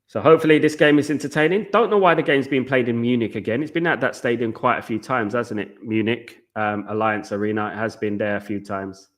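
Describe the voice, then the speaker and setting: A man's voice: fairly low pitch, a little fast, few pauses, fairly bright tone. A man hosting a live football watchalong, chatting casually and repeating himself. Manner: chatty, rambling, repeats himself, keeps saying "guys". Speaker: watchalong host.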